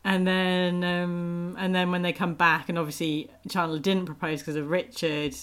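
Low-voiced woman, chatty. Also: level tone, moderate pace, a bit bright, clear, resonant tone. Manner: chatty, laughs often, many fillers. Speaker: podcast co-host. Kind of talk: casual chat.

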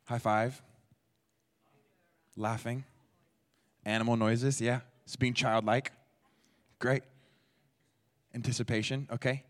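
A man's voice: mid-range voice, little pitch movement, takes it slowly, long pauses. A man giving an interactive teaching talk at a church, speaking conversationally and repeating answers from the audience. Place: church hall. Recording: long hall reverb.

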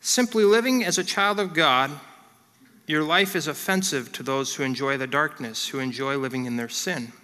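A man preaching a sermon as pastor, earnest and direct, dropping into soft prayer and light family stories. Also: a little high, normal speed, long reverb tail. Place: church hall.

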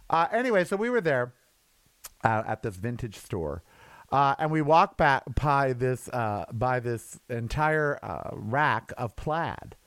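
A man's voice: fairly high pitch, fairly bright tone, dry recording. A man in his sixties hosting a casual solo podcast, chatty and campy, laughing at his own stories. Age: 60s. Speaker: podcast host.

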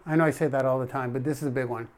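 A man's voice: medium pitch, steady tone, racing. Man, live streamer, rambling, self-correcting, speaks right to the chat. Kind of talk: casual livestream monologue.

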